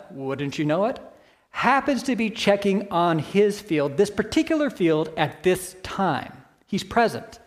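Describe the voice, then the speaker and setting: Conversational male preacher, somewhat high voice. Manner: expository, conversational, rhetorical questions. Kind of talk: sermon. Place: church.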